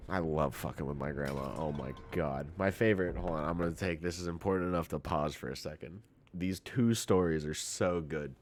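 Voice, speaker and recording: A man's voice: rumbling low, a little fast, slight background noise. A man streaming a game, a little tipsy, chatting casually and telling rambling, profane stories. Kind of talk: casual chat while gaming.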